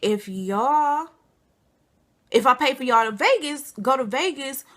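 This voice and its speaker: A woman's voice: high voice, expressive, a little slow, fairly bright tone, pitched above the performer's own voice. A woman quoting a laid-back thirties man. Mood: offhand. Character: older man, mid-thirties, easygoing big spender.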